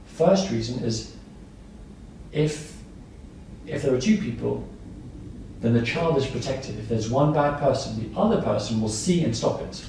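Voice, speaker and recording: A man gives a staff training lecture, explaining slowly and simply with repeated points and examples. His voice is dark and mellow. He is recorded from a distance in a very echoey room with faint background noise. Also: mid-range voice, animated.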